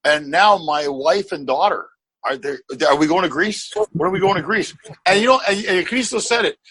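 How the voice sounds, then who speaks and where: A middle-aged man hosts a podcast in a high, husky voice on a close, dry mic. He rambles with animated energy, laughs often and swears freely. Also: moderate pace, dry recording, low-quality recording. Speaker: podcast host. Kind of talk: casual podcast conversation.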